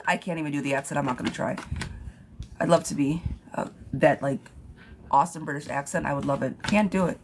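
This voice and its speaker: A woman's voice: low-pitched, brisk, slight background noise. A woman giving yes-or-no tarot readings on a livestream, chatting casually as she reads viewer questions aloud and thanks commenters. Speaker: tarot reader.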